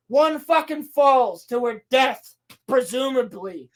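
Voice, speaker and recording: A high-pitched woman tears through a show recap with sarcastic disbelief and plenty of swearing. She acts out each character's lines with big, animated energy while co-hosting a casual podcast. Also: a little slow. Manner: sarcastic, profane, exasperated; animated storytelling with acted-out quotes. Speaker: podcast co-host.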